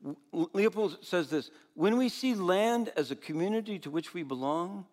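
Older guy pastor giving a sermon, gets loud then goes real soft, laughs a lot. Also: sits high, moderate pace. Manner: animated, swings between loud exclamations and soft asides.

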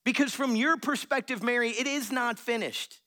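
A man preaching a sermon in a conversational, animated way, reading scripture and talking it through with frequent laughs. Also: extremely high pitch, moderate pace. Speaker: pastor.

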